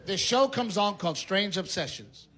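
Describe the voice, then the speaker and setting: Animated high-pitched male comic. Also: moderate pace. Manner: animated storytelling, yelling punchlines. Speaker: stand-up comedian. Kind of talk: stand-up comedy routine.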